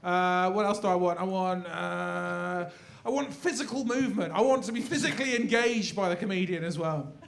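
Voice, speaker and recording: A man answering a host's questions on stage with playful, halting answers. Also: high voice, vocal fry, a little hiss or hum.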